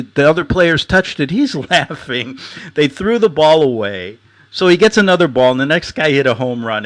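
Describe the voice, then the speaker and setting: A middle-aged man hosting a show, ranting and telling stories casually, acting out quotes and laughing often. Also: mid-range voice. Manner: animated, storytelling, laughs often, acts out quotes. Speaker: host.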